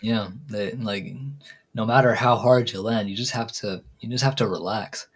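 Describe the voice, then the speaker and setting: Male stream host, low-pitched, laid-back rambling chat. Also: steady tone, normal speed, husky. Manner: laid-back, rambling, laughs at own jokes. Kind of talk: casual chat.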